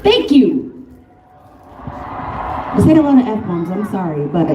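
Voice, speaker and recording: Heard from afar in an echoey, noisy recording, this Colorado woman speaks slowly in a sing-song, medium-pitched voice. She's giving an improvised, furious protest speech full of swearing at an outdoor rally, with laughter between her lines.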